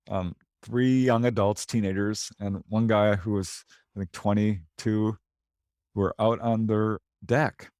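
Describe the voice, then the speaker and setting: A man, a paranormal investigator, telling anecdotes in a casual interview in an animated way. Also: on the low side, dry recording, studio quality. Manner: animated, anecdotal, laughs between lines.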